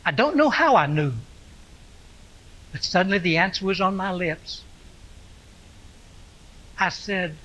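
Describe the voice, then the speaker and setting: A pastor delivering a slow, reflective first-person monologue as the apostle Simon Peter. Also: male voice, high-pitched, sing-song, pushed and bright, poor audio. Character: Simon Peter, aging fisherman-apostle recalling his past.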